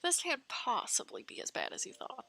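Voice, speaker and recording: A woman streamer reading a fan-made visual novel aloud in an expressive, giggly manner, faint game music behind. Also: high-pitched, normal speed, creaky, breathy edge. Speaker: let's play streamer.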